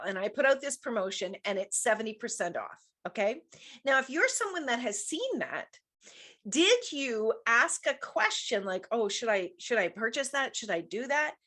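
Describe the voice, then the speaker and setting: Middle-aged woman host, motivational coach, slightly high voice, emphatic and repetitive delivery. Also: a bit bright. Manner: emphatic, repeats key points, reads chat comments. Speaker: business coach hosting a show. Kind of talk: motivational talk show monologue.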